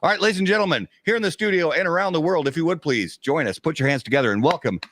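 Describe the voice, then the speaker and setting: A man's voice: a little high, rapid-fire, fairly bright tone, dry recording. Announcer-style male podcast host, dry sound. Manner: announcer-style intros and ad reads. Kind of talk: live podcast hosting and sponsor reads. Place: studio.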